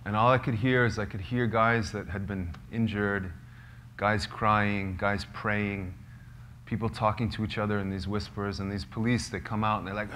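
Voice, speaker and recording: A man, a filmmaker, telling a true story to a small live group, halting and searching for words with many fillers. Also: fairly low pitch, fairly even intonation, fairly bright tone, a little hiss or hum. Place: cozy lodge hall gathering.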